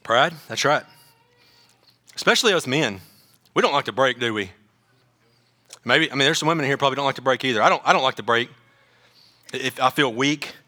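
A man preaching a sermon, animated, joking at times and often repeating words. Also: medium pitch, brisk, pauses often. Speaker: pastor.

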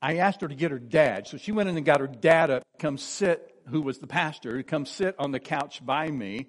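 An older man in his sixties shares his personal testimony from the pulpit. His voice sits a little high for a man, and he tells the story earnestly. He sinks soft and low whenever he repeats what others said. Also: moderate pace.

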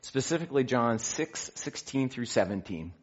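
A man in his fifties giving a personal testimony in church, an animated storyteller who acts out conversations and pokes fun at himself. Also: medium pitch, normal speed, slightly rough, dull audio. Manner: animated storyteller, acts out dialogue, self-mocking. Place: church sanctuary.

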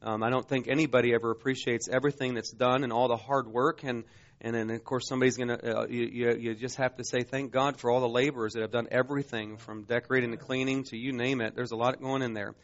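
Male preacher, forties, mid-pitched voice, emotional halting delivery, slightly dull recording. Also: flat delivery. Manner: halting, emotional storytelling with many restarts. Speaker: missionary preacher. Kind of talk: sermon testimony.

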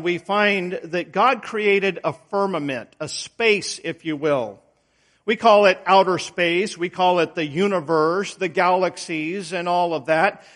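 A man's voice: high-pitched, a bit bright. A middle-aged male preacher giving a sermon, telling homey stories and stressing words with emphatic rises. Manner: folksy storytelling, emphatic rises.

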